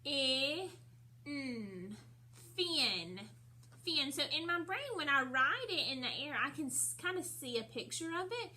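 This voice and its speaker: A young woman teaching a recorded phonics lesson to first graders, drilling letter sounds slowly and repeating each word. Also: sits high, big pitch swings, pushed and bright, slight background noise.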